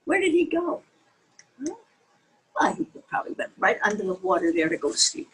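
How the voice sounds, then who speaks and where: A woman's voice: medium pitch, very animated, moderate pace, slight background noise, rough recording. An older woman reading a picture book aloud to young children, sing-song and asking them questions along the way. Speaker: children's storyteller.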